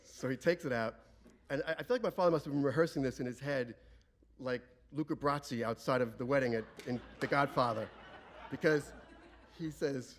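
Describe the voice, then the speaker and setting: A man telling a comic family story live on stage before an audience, with lively delivery. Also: mid-range voice, a little fast.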